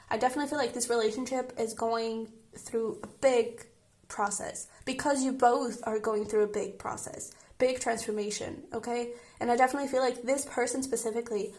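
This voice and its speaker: Young woman, tarot reader, casual chatty reading, emotional, fairly high voice. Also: darkish tone. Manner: chatty and emotional, frequent "I feel like" and "okay?".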